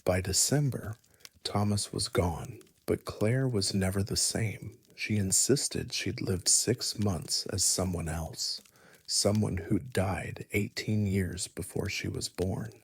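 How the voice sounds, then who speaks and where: Male horror storyteller, slow and hushed, very low husky whisper-edged voice. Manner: hushed, often whispery delivery. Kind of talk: scripted first-person horror narration.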